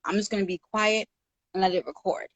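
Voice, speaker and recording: A woman's voice: medium pitch, steady tone, fairly quick, no echo. A woman hosting a live Q&A, a bit flustered, reading out viewer questions. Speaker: host and director. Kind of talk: casual livestream interview.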